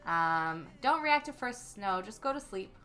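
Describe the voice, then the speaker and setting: A young woman chats casually on a gaming livestream, reading comments from viewers aloud and filling gaps with frequent ums. Her voice is bright and clear, with soft music playing faintly behind her. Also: mid-range voice, animated, a little slow. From Canada. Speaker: livestream host.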